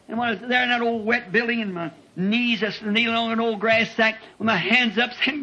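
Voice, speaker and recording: A man preaching a sermon as a personal testimony, turning emotional and shooting into high-pitched bursts as he tells his story, recorded at a church meeting. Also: steady tone, brisk, hardly any pauses, bright, forceful tone. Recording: dull lo-fi archival tape.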